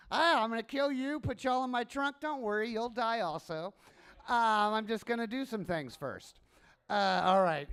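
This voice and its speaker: A man's voice: very high voice, a bit bright, smooth. A man doing crude, teasing stage banter with the crowd. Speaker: stand-up comic.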